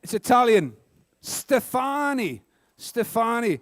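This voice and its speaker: A man with a New Zealand accent hosting a live school quiz, brisk and joking, with sarcastic asides between questions. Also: high voice, animated, no room sound. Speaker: quiz host.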